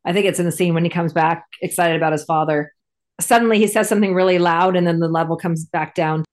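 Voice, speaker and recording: A woman co-hosting a casual recap podcast, rambling along with plenty of fillers. Her voice sits a little lower than most women's. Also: fast. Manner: rambling, chatty, lots of fillers. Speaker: podcast co-host. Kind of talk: casual episode recap chat.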